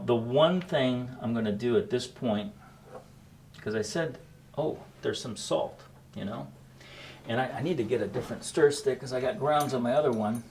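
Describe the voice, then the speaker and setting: A middle-aged man hosting a home coffee cocktail demo, explaining each step in a relaxed, chatty way. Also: mid-range voice, slight background noise. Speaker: host making a coffee cocktail. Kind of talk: casual cooking demo chat.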